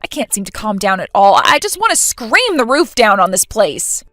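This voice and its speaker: A woman's voice: medium pitch, sing-song, moderate pace, fairly bright tone, no echo, studio quality, soft background music. A woman playing an indignant, hurt young bride who speaks in an exasperated way.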